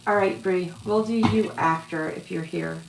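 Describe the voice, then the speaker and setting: A woman's voice: lowish voice, a little slow, vocal fry. A woman giving casual live-stream tarot readings, rambling and calling viewers love and sweetheart. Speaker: tarot reader. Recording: echoey room with faint background noise.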